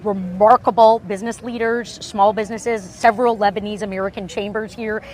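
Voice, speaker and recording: Woman politician, Michigan twang, folksy evasive interview answers, mid-range pitch, faint noise behind. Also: fairly even intonation, a little fast, a little mellow, poor audio. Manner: evasive, folksy, earnest talking points.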